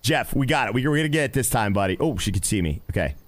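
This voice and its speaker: A man giving live gameplay commentary as a streamer, excitable and constantly talking to his chat. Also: medium pitch, fast. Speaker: game streamer.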